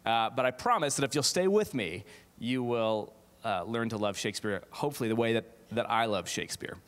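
A man's voice: medium pitch, expressive, a little fast, fairly bright tone. A middle-aged man giving a humorous keynote as a theater professor, self-deprecating, with many fillers and restarts. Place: large auditorium. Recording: echoey hall reverb.

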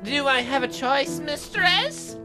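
A woman's voice: sits high, lively intonation, slow pace, music in the background, voice pushed up. A woman voicing a patient, obedient young male butler who speaks politely and grumbles mildly. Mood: dutiful. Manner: polite, dutiful, mildly complaining. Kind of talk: let's play character voice.

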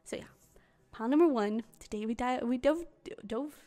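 Young female tarot reader, bubbly and chatty, slightly high voice, laughs easily. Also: brisk, mellow. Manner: bubbly, rambling, laughs often. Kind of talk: casual tarot reading to camera.

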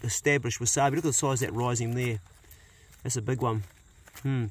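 A man's voice: on the high side, dry recording. A man, a farmer talking casually and bluntly to a phone camera outdoors, swearing freely. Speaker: farmer vlogger. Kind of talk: casual walk-and-talk vlog. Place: outdoors on a farm.

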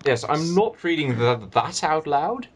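Man, moderator, hesitant, lots of fillers, slightly high voice, faint hiss behind, voice call. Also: big pitch swings, unhurried. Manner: hesitant, many fillers and restarts. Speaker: podcast moderator. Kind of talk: casual group call chat.

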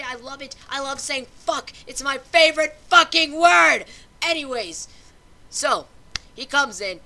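A young woman ranting casually on her own vlog, swearing constantly and getting louder and higher as she gets worked up. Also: a little hiss or hum. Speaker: vlogger. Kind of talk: casual profane rant.

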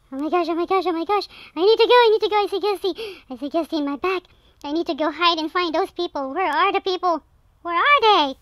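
A woman giving excited let's-play commentary on a game, with frequent gasps and shrieks. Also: very high-pitched, a little hiss or hum. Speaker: gameplay commentator.

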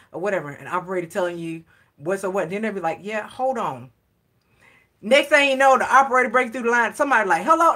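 A woman, talking straight to her viewers in an easygoing, chatty vlog. She tells stories in a playful, animated way, with plenty of slang and light swearing. Her voice sits at an ordinary middle pitch for a woman. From Atlanta, US South. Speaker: vlogger. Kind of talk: casual storytelling chat.

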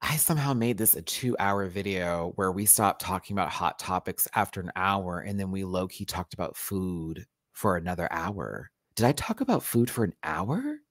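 A man's voice: low voice, very animated, normal speed, hardly any pauses, a bit bright, no room sound. Sassy, campy man, dry close sound. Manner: sassy, campy, laughs often, playful slang. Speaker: host. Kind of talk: casual live-stream chat.

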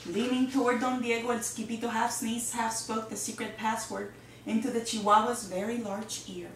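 Lively woman reading a picture book. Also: fairly high pitch, moderate pace, a little hiss or hum. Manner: lively, expressive. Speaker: teacher. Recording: echoey room, distant mic.

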